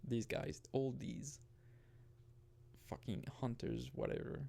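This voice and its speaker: A man's voice: mid-range voice, unhurried, gravelly, darkish tone. A young man giving rambling, casual gameplay commentary, often restarting and swearing casually. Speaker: gaming video host.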